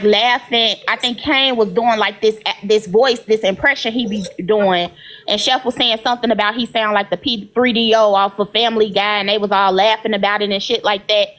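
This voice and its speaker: A woman's voice: on the high side, fairly bright tone. Chatty woman on a livestream. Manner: chatty, rambling, indignant. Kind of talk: casual livestream chat.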